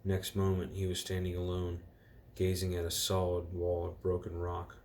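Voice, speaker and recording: At home, a man with a very deep, low voice reads a storybook chapter aloud to children at a moderate pace. He's relaxed and informal, correcting his slips and rereading lines, while faint background noise sits underneath.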